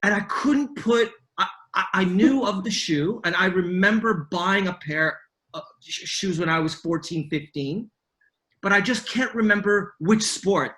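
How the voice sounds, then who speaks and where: Middle-aged man, high-ish voice, bright tone, rambling with fillers, video call audio. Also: a little slow. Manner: rambling storyteller, frequent fillers and restarts. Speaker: podcast guest. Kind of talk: casual chat.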